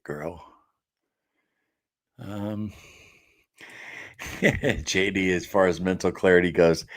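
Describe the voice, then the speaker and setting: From his home office, a man with a lowish, somewhat mellow voice hosts a diet support live stream. He chats casually, reading viewer comments aloud with easygoing fillers and quick laughs.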